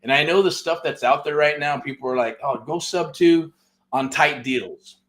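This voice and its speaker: A man's voice: fairly high pitch, normal speed, a bit bright. A middle-aged man, hosting a real estate show and telling a story in loose, profane casual talk, full of "right?" and "man.".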